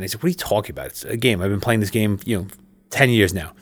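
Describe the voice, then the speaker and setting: Fast-talking profane man. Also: lowish voice, no echo. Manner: fast, profane, rambling with restarts. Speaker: sports betting podcast co-host. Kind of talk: casual sports chat.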